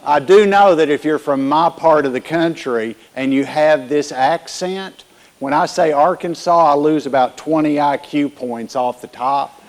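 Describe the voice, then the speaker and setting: Man, keynote speaker, wisecracking, directive, somewhat high voice. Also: measured pace. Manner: joking, bossy with the audience. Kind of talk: humorous conference keynote.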